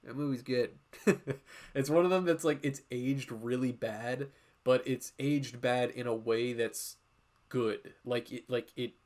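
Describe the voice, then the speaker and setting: A male art streamer chatting loosely on a livestream as he draws, his voice sitting at an ordinary middle pitch. He swears freely, drifts off on tangents and keeps coming back to the drawing. He often slips into animated quoted voices to act out what people said. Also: unhurried. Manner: rambling and profane, jumping between tangents. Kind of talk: casual livestream chat while drawing.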